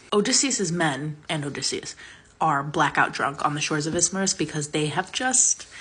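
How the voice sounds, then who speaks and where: A woman's voice: on the low side, a bit bright, breathy edge. A woman retelling an old myth in a chatty, sarcastic, casual way, with plenty of fillers. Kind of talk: casual storytelling.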